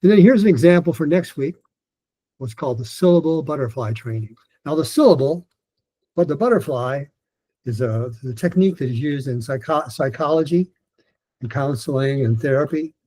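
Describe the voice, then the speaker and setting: A man's voice: a little high, lively intonation, normal speed, mellow, rough recording. An older man teaching pronunciation in an online lesson, explaining step by step and stretching sounds to demonstrate.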